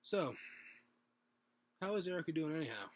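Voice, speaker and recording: A man's voice: fairly high pitch, very animated, moderate pace, no room sound. Man reading as a laid-back buddy.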